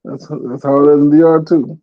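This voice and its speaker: A man's voice: a little high, little pitch movement, a little fast. A laid-back man in a casual chat, answering briefly with chuckles. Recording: dull, lo-fi sound.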